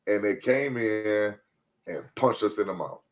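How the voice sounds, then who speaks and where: A man's voice: on the low side, unhurried. A man co-hosting a sports podcast in casual talk, laid-back and given to repeating his points. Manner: laid-back, repeats phrases, loud when riled up. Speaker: podcast co-host.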